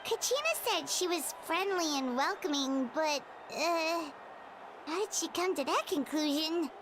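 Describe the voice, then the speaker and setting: A woman voicing a tiny floating fairy companion who chatters in a squeaky, childlike, nervous way. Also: lively intonation, unhurried, background noise. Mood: wary. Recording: game audio with loud music.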